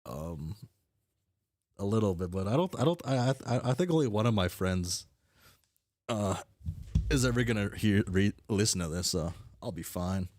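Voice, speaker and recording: A young man reading a webcomic aloud and commenting in a rambling, halting, self-deprecating way, swearing freely. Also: lowish voice, expressive, a little mellow, dry recording, studio quality. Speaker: webcomic reaction reader.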